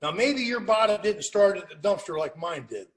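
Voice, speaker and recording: An older man tells his recovery story at a meeting over a video call, and his voice sits fairly high. He talks plainly and with wry humor. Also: animated, moderate pace, a bit bright, poor audio. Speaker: AA speaker.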